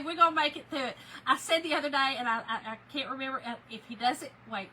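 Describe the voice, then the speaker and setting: A woman's voice: high-pitched, steady tone, fast, few pauses, pushed and bright, slight background noise, low-quality recording. Shaken woman confiding to viewers. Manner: emotional, confiding, says "y'all" often. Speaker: livestream host. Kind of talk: casual livestream chat.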